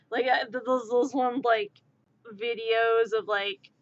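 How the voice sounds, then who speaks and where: A woman's voice: on the high side, unhurried, muffled recording. A woman streamer in casual live-stream chat, rambling and filling her sentences with "like". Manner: rambling, heavy use of "like".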